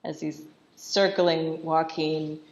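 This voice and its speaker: A woman's voice: low-pitched, fairly even intonation, takes it slowly, a little mellow. A woman casually recapping a film in chatty commentary, saying "like" constantly and laughing often. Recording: dull lo-fi voice recording.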